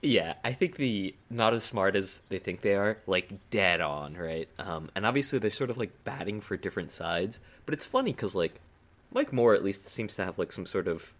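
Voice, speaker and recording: A man's voice: on the low side, very animated, normal speed. A young man co-hosting a podcast in casual chat, joking around and slipping into silly voices. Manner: jokey, slips into silly put-on voices. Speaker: podcast co-host.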